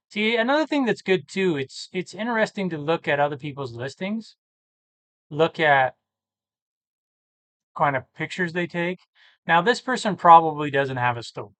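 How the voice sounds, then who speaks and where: A tired man who talks casually and thinks out loud, rambling and correcting himself as he works through reseller listings. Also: a little high, expressive, a little slow, long pauses, no room sound. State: tired, yawning. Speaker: eBay reseller vlogger. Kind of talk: casual screen-share commentary.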